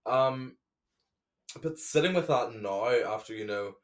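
A man's voice: mid-range voice, a little slow. A man co-hosting a casual chat podcast, talking in a playful, jokey, rambling way with many restarts. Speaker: podcast co-host.

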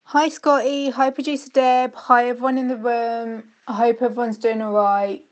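A woman calling in by voicemail, soft and halting as she reads a tearful letter. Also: fairly high pitch, little pitch movement, very noisy. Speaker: caller. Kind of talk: voicemail message, emotional reading.

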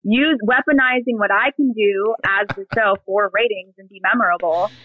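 A woman in her thirties, a podcast guest, telling an animated, profane story in casual chat. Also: medium pitch, moderate pace, no room sound. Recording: dry phone-like remote audio.

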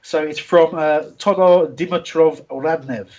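A man's voice: on the high side, steady tone, a little slow, darkish tone, highs cut off. A man hosting a casual football talk show, rambling and self-deprecating with many fillers. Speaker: host.

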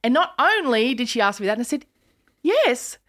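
A woman's voice: fairly high pitch, fast. A woman in her fifties with an Australian accent, hosting a podcast and telling stories in casual chat, acting out the voices of people in them. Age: 50s. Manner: animated storyteller, acts out voices in quotes. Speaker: podcast host.

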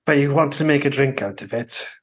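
A man's voice: medium pitch, brisk. A man co-hosting a podcast, chatting casually with dry, wry remarks and questions. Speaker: podcast co-host. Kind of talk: casual chat.

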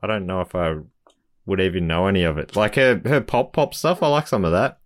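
Brisk and deep-voiced, this podcast co-host chats casually about albums in an easygoing way, thinking aloud as he goes. The recording is dry and studio quality.

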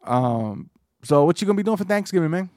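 A man's voice: sits high, expressive, brisk, a little mellow, no room sound, clean studio sound. A man co-hosting a podcast, chatting casually and joking, with a rambling style full of fillers and restarts. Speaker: podcast co-host.

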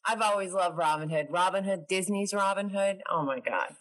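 A woman's voice: medium pitch, normal speed, fairly bright tone, poor audio. A woman from New York hosting a casual video call chat, bubbly and chatty, laughing often. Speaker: host.

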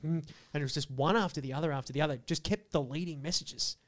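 A man, a podcast co-host telling crude stories in animated, swearing casual chat. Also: fairly high pitch, quick pace.

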